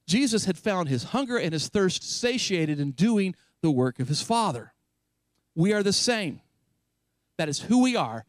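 A man preaching an animated, emphatic sermon as a pastor, paraphrasing scripture in a lively voice. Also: a little high, normal speed, no room sound, clean studio sound.

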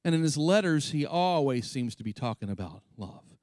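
A man's voice: big pitch swings, moderate pace, darkish tone, dry recording. Impassioned preacher man, dry close sound. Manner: impassioned, rising to high emphatic peaks when quoting scripture; conversational asides to the congregation. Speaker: pastor. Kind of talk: sermon.

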